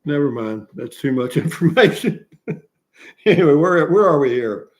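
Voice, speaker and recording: A man's voice: fairly high pitch, lively intonation, moderate pace. A man hosting a casual livestream, reading out viewers' comments in a folksy, jovial way and chuckling often. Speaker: livestream host.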